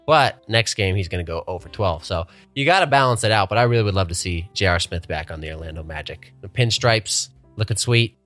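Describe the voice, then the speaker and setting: A man's voice: low voice, lively intonation, a little fast, few pauses, a bit bright, soft background music. A young man co-hosting a casual sports podcast, joking and laughing often as he leads the talk. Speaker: podcast co-host.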